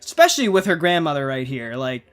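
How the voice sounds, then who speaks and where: A man's voice: on the high side, very animated, fast talker, fairly bright tone, clean tone. Chatty young man with faint music. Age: 20s. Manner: chatty, rambling, laughs often. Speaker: gaming video creator. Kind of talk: casual let's-play commentary.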